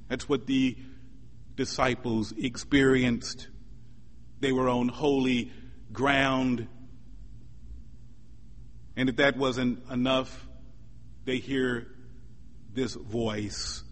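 A man preaching a sermon as pastor, measured and emphatic, building up through repeated lines. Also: medium pitch, fairly even intonation, in a large hall.

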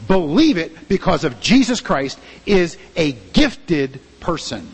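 In an animated sermon at a measured pace, a male preacher pelts his congregation with rhetorical questions, leaving few pauses. His high, husky voice ranges widely in pitch, and a long reverb tail follows each phrase through the church.

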